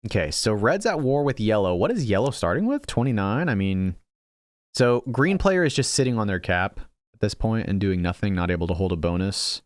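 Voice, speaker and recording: A young man with a lowish, expressive voice narrates his own strategy game at a fairly quick pace for his gaming channel. He thinks aloud, mocks himself for misplays and keeps restarting. The recording is dry.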